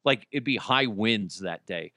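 A man's voice: on the low side, lively intonation, unhurried, pushed and bright, no echo, studio quality. A man hosting a podcast, talking casually in a crude, jokey way and slipping into mocking voices. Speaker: podcast host. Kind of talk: casual solo podcast rant.

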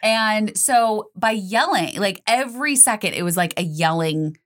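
A woman's voice: mid-range voice, measured pace. A woman co-hosting a podcast in casual chat, frank and storytelling, using many fillers like "like.". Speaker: podcast co-host.

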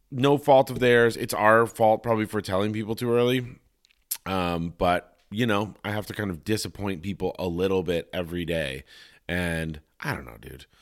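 A man with a fairly low voice talks alone on his podcast in a loose, casual way. He speaks candidly and reflectively, with plenty of fillers and offhand swearing. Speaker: podcast host. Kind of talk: solo casual podcast talk.

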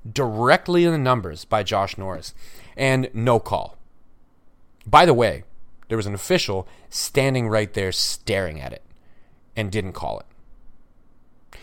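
A man's voice: fairly low pitch, clear, resonant tone, no room sound. A man hosting a solo sports podcast, talking in an emphatic, ranting way with frequent restarts. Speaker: podcast host.

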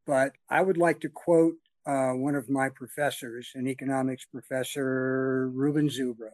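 A man's voice: medium pitch, flat delivery, measured pace, darkish tone, no room sound. A man on a sports talk panel, telling a wry story with chuckling asides. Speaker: podcast panelist.

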